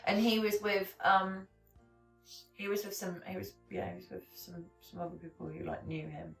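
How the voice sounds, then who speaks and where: A woman's voice: mid-range voice, moderate pace, vocal fry. Woman, podcast co-host, rambling storyteller, distant echoey mic, faint music behind. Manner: rambling, swearing, restarts. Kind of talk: casual chat, storytelling.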